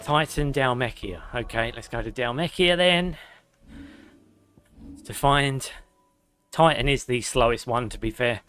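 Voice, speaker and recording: Over game music, a young gaming streamer casually comments on his live gameplay, reading viewers' chat out loud and swearing from time to time. He has an animated, fairly bright mid-range voice and talks in an unhurried way, pausing often.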